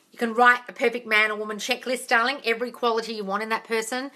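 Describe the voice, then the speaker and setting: A woman's voice: on the high side, fairly even intonation, fast talker, pushed and bright. A woman answering viewer questions on a phone livestream about manifesting. She is blunt, swears often and calls her viewers darling.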